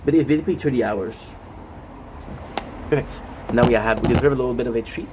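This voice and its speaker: A man's voice: mid-range voice, quick pace, background noise. A man streaming live, rambling casually to his chat with lots of fillers and asides.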